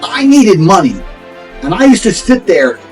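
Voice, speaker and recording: A man lectures hard in a motivational rant, blunt and profane, and mocks other people's excuses. His voice sits fairly high and swings widely in pitch. Faint music plays underneath. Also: big pitch swings, unhurried, a little mellow, low-quality recording. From England. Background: faint background music.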